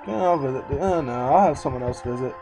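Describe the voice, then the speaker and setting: A man's voice: mid-range voice, quick pace, over music, poor audio. A man hosting a let's play, giving casual, sarcastic gameplay commentary and swearing freely.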